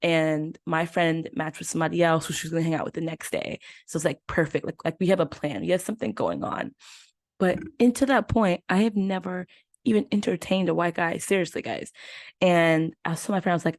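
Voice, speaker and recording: A woman's voice: on the low side, a little fast, no echo. Chatty young woman podcaster, dry sound. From United States. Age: 20s. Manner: animated, chatty storytelling with many fillers and laughs. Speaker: podcast host. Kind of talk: casual chat.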